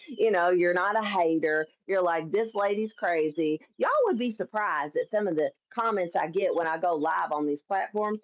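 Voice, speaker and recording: A woman's voice: fairly low pitch, moderate pace, muffled recording. A woman from Kentucky hosting a casual political live stream, chatty and emphatic, laughing often and swearing freely. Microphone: phone or camera on a live stream.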